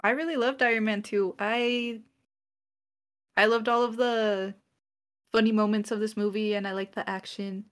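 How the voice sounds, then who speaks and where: A woman's voice: medium pitch, steady tone, normal speed, long pauses. A woman co-hosting a casual podcast chat, chatty and giggly, sometimes losing her words. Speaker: podcast co-host.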